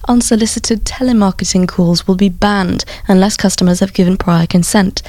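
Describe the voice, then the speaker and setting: A woman reading a radio news bulletin in a measured, crisp manner. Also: medium pitch, fairly even intonation, a little mellow, no room sound. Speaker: newsreader.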